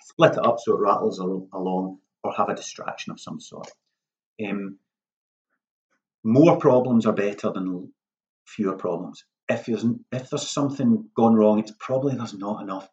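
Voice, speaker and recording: A playwright with a lowish voice, heard in lo-fi sound at normal speed, offers casual writing advice in a workshop talk. He's lively and self-mocking, acting out lines in a hushed voice.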